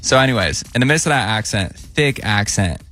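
A man hosting a radio show, telling a story with animated voices and frequent laughter. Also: fairly low pitch, fairly quick, soft background music. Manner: animated storyteller, acts out quotes, laughs often. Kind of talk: morning radio banter, storytelling.

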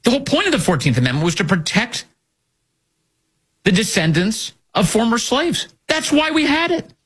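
A man's voice: very high-pitched, big pitch swings, moderate pace, fairly bright tone, slightly rough. A male host delivering opinionated commentary, indignant and firing off rhetorical questions.

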